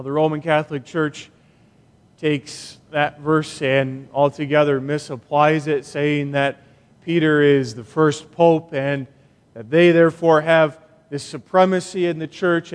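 A male pastor preaching a sermon in a slow, emphatic way with long pauses, in a church sanctuary. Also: fairly high pitch, fairly even intonation, long reverb tail.

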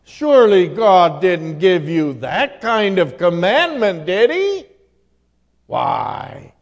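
A man doing a sneaky coaxing devil voice, slow and wheedling, big echoey hall. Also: high-pitched, very animated, exaggerated voice. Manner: coaxing mock-innocent questions. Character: sly tempting male devil, wheedling. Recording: long hall reverb.

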